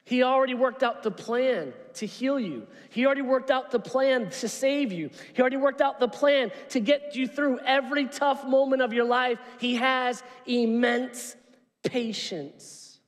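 A male pastor preaching a sermon in a church, telling stories in an animated, humorous way. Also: very high voice, normal speed, hardly any pauses. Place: church sanctuary. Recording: long reverb of a large hall.

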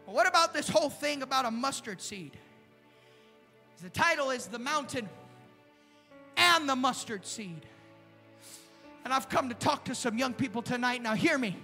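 High, bright-voiced impassioned male preacher. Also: animated, moderate pace, long pauses. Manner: impassioned, often shouting, swings to hushed. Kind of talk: sermon. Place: church sanctuary during a live service. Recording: long hall reverb with faint music.

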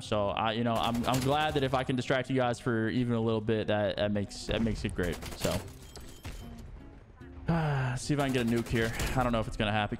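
A young man commenting on his own first-person shooter game play, excitable, mumbling when tense and yelling when things go wrong. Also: mid-range voice, fast. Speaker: gaming YouTuber. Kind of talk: live gameplay commentary. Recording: game gunfire and music underneath. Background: game gunfire and music.

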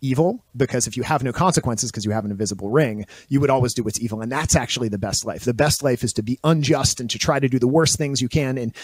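An eager man, a podcast guest, explains things in casual discussion and leans heavily on fillers and restarts. His voice sits at a middle pitch. The sound is dry and close. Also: fast talker, few pauses, a little mellow, slightly rough, no room sound.

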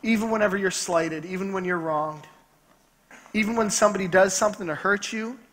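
A male pastor preaching a sermon in a church, driving points home by repeating key phrases slowly. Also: sits high, a bit bright, slight background noise. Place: church sanctuary. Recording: long church hall reverb.

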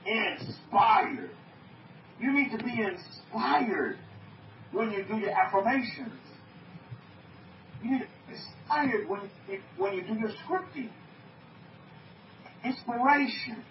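A man's voice: very high-pitched, takes it slowly, pauses often, background noise. A man preaching to an online group, emphatic, repeating his phrases and asking his listeners questions. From North America. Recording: muffled, echoey, from far off.

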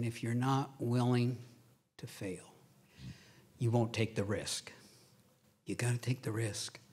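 A middle-aged male pastor preaching a lively sermon, acting out voices in his stories. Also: medium pitch, husky. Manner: animated, acts out quoted voices, laughs at his own stories.

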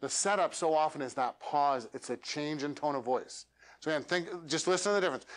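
Male workshop coach, slightly high voice, lively, demonstrates lines with deliberate pauses. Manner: animated, uses dramatic pauses and demonstrates lines. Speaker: speaker coaching elevator pitches. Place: meetup room.

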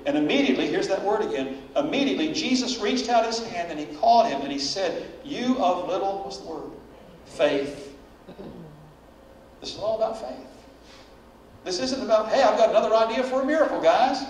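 A high-voiced male pastor preaches a dramatic sermon, leaning into the prayers and dialogue he quotes. His voice rings through a very reverberant church hall, caught from a distance with faint noise behind it. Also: sing-song, normal speed. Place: church sanctuary. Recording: very echoey church hall, voice from far off.

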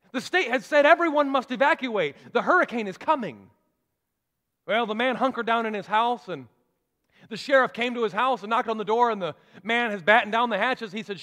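High-voiced pastor preaching in a reverberant church. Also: male voice, sharp tone. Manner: preacherly, rising to emphatic declarations. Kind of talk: sermon.

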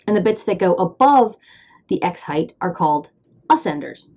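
A woman's voice: medium pitch, warm tone, muffled recording. A woman with a Midwestern accent hosting an educational explainer, upbeat and playful with asides. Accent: American Midwestern. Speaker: host.

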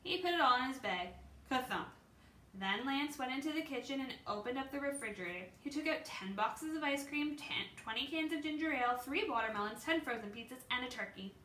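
Teacher reading aloud to kids, woman, bright voice, echoey room. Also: sits high, expressive, a little fast, slight background noise. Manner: storytelling, with small slips and ums. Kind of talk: reading a picture book aloud.

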